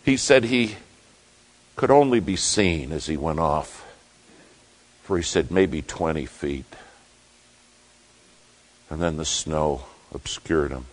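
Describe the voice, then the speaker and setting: A man preaching a sermon who tells a dramatic story, acting out the quoted voices and shouting dog commands. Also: very deep voice, takes it slowly, pauses often.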